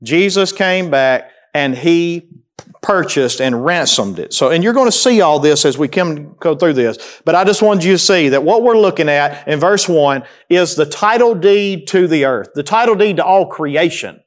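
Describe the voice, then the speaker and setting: A man's voice: a little high, lively intonation, normal speed. A man preaching a sermon, reading scripture aloud and explaining it, often asking the congregation questions and answering them himself. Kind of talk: sermon teaching through scripture.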